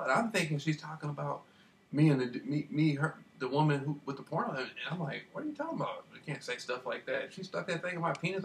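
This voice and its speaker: A man telling a rambling personal story in a casual monologue, repeating himself and getting animated as he retells it. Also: on the high side, fast talker. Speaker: vlogger. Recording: distant mic with faint background noise.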